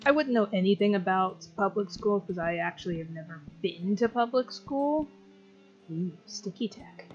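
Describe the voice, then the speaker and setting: A woman's voice: medium pitch, highs cut off. Chatty woman commenting on a game. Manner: chatty, self-deprecating asides. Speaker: let's play host. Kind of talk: casual gameplay commentary.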